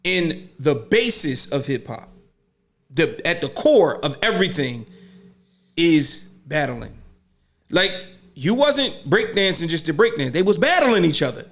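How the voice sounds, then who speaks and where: High-voiced man explaining earnestly. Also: very animated, unhurried, fairly bright tone. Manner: explaining earnestly, often says "you see what I'm saying". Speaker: podcast co-host. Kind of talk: casual podcast chat.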